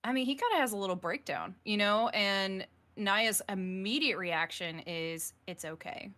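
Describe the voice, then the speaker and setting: A woman hosting a casual live-stream interview. She gushes, laughs easily and rambles through her questions. Her voice is bright and forward. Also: mid-range voice, normal speed. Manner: chatty, laughing, gushing, asks rambling questions. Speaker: host.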